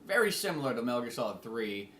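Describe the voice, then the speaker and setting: A man's voice: medium pitch, very animated, fast talker, a bit bright, reverberant. A man co-hosting a podcast in casual chat, rambling and swearing with lots of fillers. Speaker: podcast co-host.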